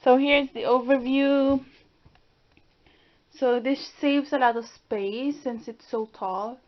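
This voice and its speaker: Woman in her twenties, slightly high voice, slow easygoing talk, dull lo-fi home video sound. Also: fairly even intonation. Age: 20s. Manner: laughing, easygoing, slow and searching for words. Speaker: daughter co-hosting vlog. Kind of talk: casual home tour vlog. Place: home room.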